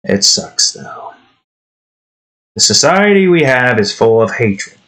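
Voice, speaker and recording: Tired young guy from jersey, mid-pitched voice, rambly rant full of restarts while drawing. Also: vocal fry, fairly bright tone, rough recording. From New Jersey. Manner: meandering, frustrated rant with frequent restarts. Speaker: art streamer.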